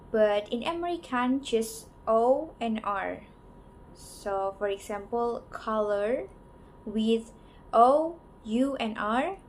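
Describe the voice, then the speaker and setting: Slow, halting young woman presenting a lesson. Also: fairly high pitch, darkish tone, slight background noise, low-quality recording. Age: young adult. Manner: slow, halting delivery with many pauses and "so" openers. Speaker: student presenter. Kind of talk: class presentation on English varieties.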